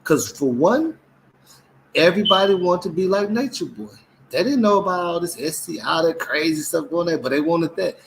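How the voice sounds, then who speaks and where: A man's voice: fairly high pitch, lively intonation, normal speed, creaky, a little hiss or hum, rough recording. A man co-hosting a casual commentary chat, talking animatedly and acting out quotes in mimicking voices. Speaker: co-host.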